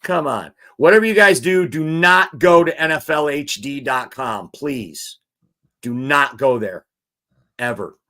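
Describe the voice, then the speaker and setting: A man's voice: medium pitch, expressive, measured pace, sharp tone. A man hosting a live-stream football show, chatting and reading out viewer comments.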